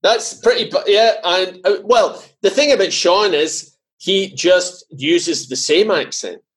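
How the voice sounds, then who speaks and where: Scottish man, podcast guest, slightly high voice, casual and halting delivery. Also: a bit bright. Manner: hesitant, many fillers and restarts. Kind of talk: casual conversation.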